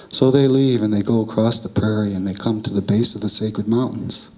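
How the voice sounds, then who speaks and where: A man tells a traditional tale aloud in a calm, measured way, with a steady, repeating cadence. His voice sits low. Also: rough recording. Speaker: storyteller. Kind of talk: oral storytelling of a traditional tale.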